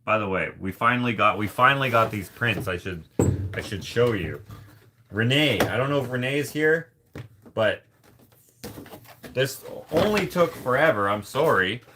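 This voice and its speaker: A man's voice: medium pitch, animated, moderate pace, long pauses, noisy background. A man, an artist, chatting casually to camera in a rambling, self-deprecating way and laughing often. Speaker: artist vlogger. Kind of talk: casual rambling vlog chat.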